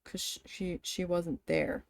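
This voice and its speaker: A woman with a fairly low voice takes her time telling a casual story while embroidering. The vlogger vents about an old job, animated and swearing, and voices the people she quotes.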